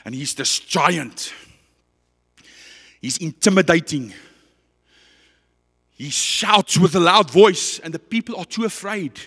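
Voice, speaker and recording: A man with a South African accent preaching a passionate, dramatic sermon that swings between loud and quiet. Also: on the high side, lively intonation, slow, pauses often, breathy edge, in a large hall.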